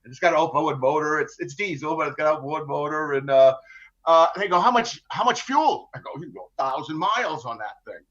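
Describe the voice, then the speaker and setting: An older man, a little higher-pitched than most, tells a story with a dry humor and many halting restarts. The sound is dull and muffled. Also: a bit bright. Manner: wry, halting, full of restarts and laughs. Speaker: guest, former ship captain. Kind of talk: storytelling in a podcast interview.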